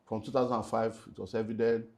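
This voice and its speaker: A Nigerian man with a fairly low voice talks fast as he relates a painful story, an emotional personal testimony given in an interview. He is a pastor and relationship speaker whose animated telling mixes in Nigerian Pidgin and moves between loudness and near-whispers.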